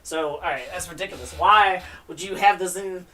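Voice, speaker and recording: A woman's voice: lowish voice, moderate pace, pushed and bright, far from the mic. A woman hosting a live stream, reading comics aloud in a rambling, enthusiastic way and laughing often.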